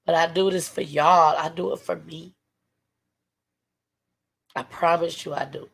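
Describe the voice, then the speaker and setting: A tired woman hosting her own livestream, speaking from the heart to her viewers. Her voice sits fairly low and has a gravelly rasp. Now and then her words sink to a near whisper. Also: fairly even intonation, unhurried. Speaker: livestream host. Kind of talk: emotional livestream talk.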